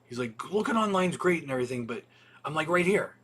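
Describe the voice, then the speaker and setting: A man chats casually on a livestream. He rambles and restarts, swears often, and fills his pauses with ums. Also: a little high, animated, a bit bright, slightly rough. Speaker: video store owner hosting a weekly livestream.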